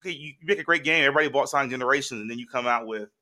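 A man co-hosting a podcast in casual chat, rambling and excitable with lots of restarts. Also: mid-range voice, very fast. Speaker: podcast co-host.

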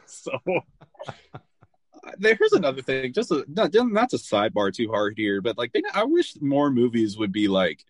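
A man's voice: medium pitch, moderate pace, few pauses, no echo. Chatty man with a very dry voice. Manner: loose, animated, full of "like" and swearing. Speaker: podcast host. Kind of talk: casual chat recapping a film.

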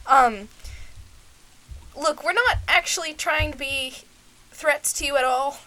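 Woman doing her own adventurer, sweet-talking a croc all hesitant with lots of ums, voice a bit high. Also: slow pace, pushed and bright, heavily acted, low-quality recording. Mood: coaxing. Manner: hesitant, filler-laden pleading. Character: adventurer pleading with a crocodile.

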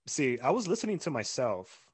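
Male co-host, mid-pitched, playful banter. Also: very animated, brisk, slight background noise. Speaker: podcast co-host. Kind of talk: casual chat.

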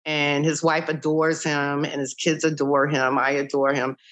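Older woman, lively storyteller. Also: low-pitched, a little slow. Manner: animated, acts out past conversations; frequent "you know" asides. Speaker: founder of a child-recovery organization. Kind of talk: interview storytelling.

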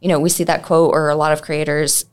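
Low-voiced, earnest woman co-host. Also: level tone, fast talker, smooth. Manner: earnest, reflective, many "like"s. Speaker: podcast co-host, mental health clinician. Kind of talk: casual chat.

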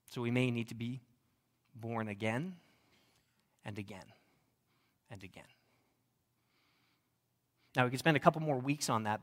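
A young adult man, a pastor, preaching a sermon in a conversational, humorous way. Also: medium pitch. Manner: conversational and humorous, varied delivery.

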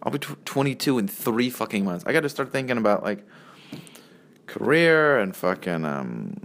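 This young vlogger, in his early twenties, has a lowish, fairly bright voice and talks at normal speed with lots of animation. His monologue is a rambling, profane one, regularly interrupted by himself.

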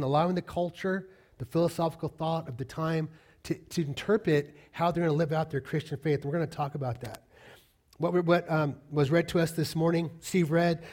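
A middle-aged pastor preaches with a fairly high voice, pressing his points hard. He repeats key lines for weight and throws questions out to the congregation as he goes. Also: fairly even intonation, brisk, a little mellow. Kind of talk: sermon.

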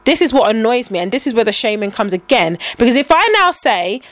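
A young woman chats casually, her voice sitting a little high. She tells stories animatedly, losing her thread and restarting sentences. The sound is dry and close, with no room around it. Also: brisk, dry recording. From England. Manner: animated storyteller, trails off and restarts. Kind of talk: casual chat.

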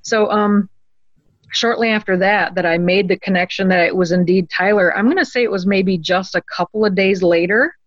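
Guest storyteller: woman, middle pitch, earnest and halting, dry and slightly muffled audio. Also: dry recording. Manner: earnest, halting, many ums and restarts. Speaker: guest telling a personal story. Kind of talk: conversational storytelling.

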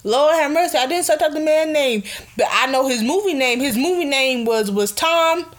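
A young woman hosting a casual radio show, chatting in an animated, excitable way and laughing often. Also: high-pitched, normal speed. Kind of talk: casual chat.

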